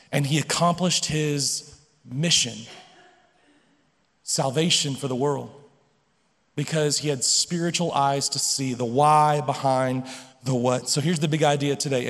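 A man's voice: medium pitch, in a large hall. A middle-aged man preaching a sermon, telling a family story with frequent restarts and quoted dialogue. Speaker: pastor.

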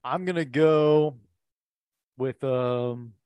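A man's voice: mid-range voice, extremely slow, a little mellow, clear, resonant tone, no echo, lo-fi sound. A man co-hosting a podcast in a laid-back, casual chat, often laughing and giving short replies. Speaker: podcast co-host.

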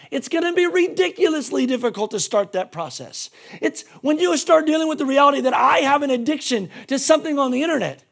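A male pastor preaching a sermon emphatically, swinging between shouting and hushed tones. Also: very high-pitched, expressive, normal speed, creaky.

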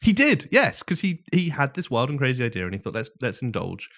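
A man's voice: a little high, huge pitch swings, fast talker, a bit bright. A man co-hosting a podcast, telling the story in a casual chat and often laughing as he goes. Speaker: podcast co-host.

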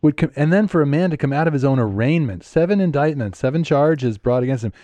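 A man with a mellow, dark-toned voice speaks emphatically on a podcast, pressing his opinions between laughs. The recording is dry and close-miked. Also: on the high side, animated, fast talker, no echo. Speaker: podcast co-host. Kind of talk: casual chat.

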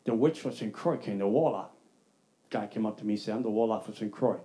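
A man preaching a testimony sermon, telling his story in an animated way and acting out his own dialogue. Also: lowish voice, a little fast. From New York.

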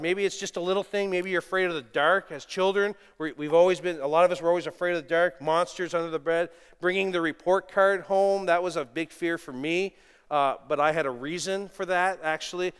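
A middle-aged man preaching a sermon, animated, moving between loud exclamations and quiet asides, telling stories with self-deprecating humor. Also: fairly high pitch, a little fast, clean tone. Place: church sanctuary. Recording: long reverb of a church hall.

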